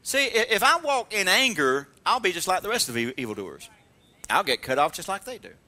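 Animated male pastor, sermon, high, lively, very bright, storyteller. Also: fairly quick. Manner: animated storytelling with call-and-response; laughs while telling stories.

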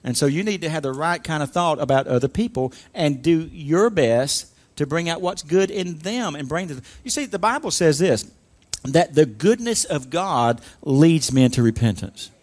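A man's voice: fairly high pitch, expressive, moderate pace, a little mellow. A man preaching a sermon, leading the congregation in call-and-response with emphatic, rising delivery. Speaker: pastor.

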